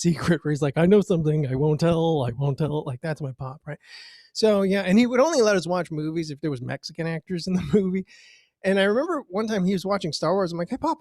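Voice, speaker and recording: A man doing a stand-up comedy set from home over a video call, animated, jumping up in pitch for the voices he quotes. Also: no room sound, clean studio sound. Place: home, virtual show.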